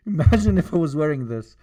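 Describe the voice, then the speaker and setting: Swearing, lively male stream host. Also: on the high side, moderate pace. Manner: profane, rambling, laughs often. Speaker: livestream host. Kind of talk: casual reaction commentary. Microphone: speaking through a cloth mask.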